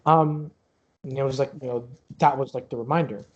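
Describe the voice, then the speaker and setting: A man's voice: medium pitch, fairly even intonation, brisk, slightly rough. A man narrating as game master of a tabletop game, rambling with many restarts, on a dull lo-fi recording.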